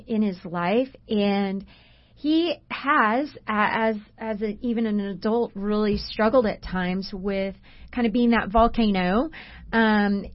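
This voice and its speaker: A woman's voice: medium pitch, dull audio. A woman co-hosting a Christian radio talk show in a studio, telling stories about friends in an earnest way with frequent fillers. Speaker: radio show co-host and coach. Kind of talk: faith-based radio talk.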